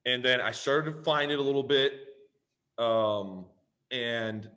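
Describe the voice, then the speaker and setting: Man telling a story, animated. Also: medium pitch, takes it slowly. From Canada. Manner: animated, profane, acts out both sides of conversations. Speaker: podcast guest, pro football player. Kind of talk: casual storytelling.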